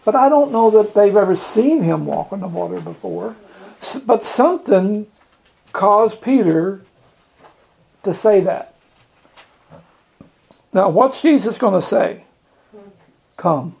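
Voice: mid-range voice, expressive, measured pace, gravelly, pauses often, darkish tone, low-quality recording. A Bible study leader teaching in a loose, folksy way, chuckling often and acting out scripture lines in bigger voices.

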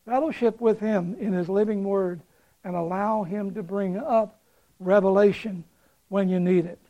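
A man's voice: high voice, steady tone, measured pace, highs cut off. A male pastor preaching a sermon with fervor, repeating phrases for emphasis and closing in prayer.

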